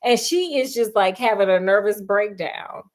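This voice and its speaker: A woman's voice: mid-range voice, moderate pace. A woman casually retelling a movie plot in a chatty, sassy way, calling the listener "honey" and "child.". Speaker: storyteller. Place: at home doing crafts.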